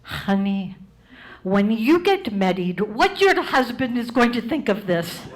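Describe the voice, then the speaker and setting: A woman's voice: on the high side, very animated, slow, a little hiss or hum. A woman putting on a dramatic old auntie. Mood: doting. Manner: broken English, theatrically worked up. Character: fussy elderly aunt from Damascus, dramatic.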